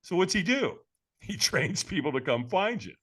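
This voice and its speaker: Man, podcast guest, dramatic storyteller, swinging pitch, bright tense tone. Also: moderate pace, husky. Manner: lively, dramatic, laughs through his story; casual, addresses the host as man and brother. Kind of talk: animated personal storytelling.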